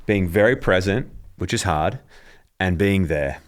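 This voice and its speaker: A male podcast host with a very low voice who speaks in a reflective, casual way. He often gives short agreeing murmurs while his guest talks. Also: expressive, a little slow. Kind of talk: casual interview chat.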